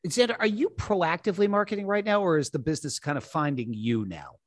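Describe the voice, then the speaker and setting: A man's voice: fairly high pitch, expressive, fast talker, dry recording, studio quality. A man hosting a podcast, asking guests long, conversational questions. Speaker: podcast host. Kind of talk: casual interview talk.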